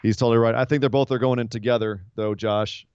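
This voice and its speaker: A man hosting a casual wrestling podcast, recapping events chattily with quick asides. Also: medium pitch, steady tone, a little mellow, clear, resonant tone, no room sound, dull audio. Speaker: podcast host.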